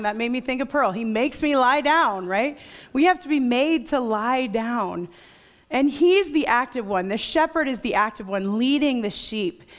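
A woman preaching a sermon to a congregation in a conversational way, reading scripture quietly and reflectively. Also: medium pitch.

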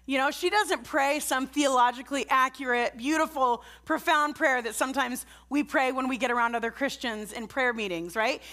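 A middle-aged woman with a somewhat high voice preaches a sermon at a church service. She talks in an earnest, conversational way and keeps putting direct questions to the congregation. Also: moderate pace, few pauses, sharp tone.

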